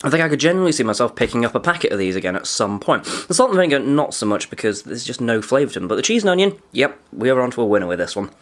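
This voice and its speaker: Brief: young guy, food vlogger, lively up-and-down delivery, dry asides, mouth sometimes full. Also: medium pitch, rapid-fire, hardly any pauses. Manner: dry, chatty, talks while chewing. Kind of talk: casual food review vlog.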